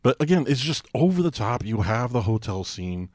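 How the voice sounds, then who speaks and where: A man's voice: mid-range voice, very animated, moderate pace, a little mellow, dry recording, studio quality. A man co-hosting a casual movie podcast, steering the talk and bringing up points from his notes. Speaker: podcast co-host. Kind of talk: casual movie-review chat.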